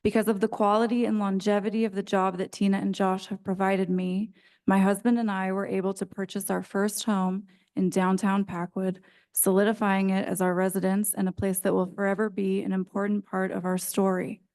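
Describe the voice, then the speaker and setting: A woman's voice: mid-range voice, little pitch movement, a little fast, a little mellow. A woman reading an earnest prepared statement as a public commenter at a county planning meeting.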